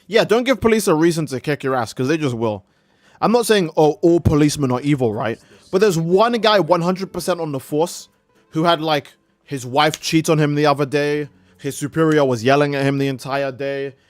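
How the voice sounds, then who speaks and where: Speaking at a normal speed in a slightly high voice, this streamer rambles through profane, easygoing commentary on his game and plays out small skits of people. There's no echo.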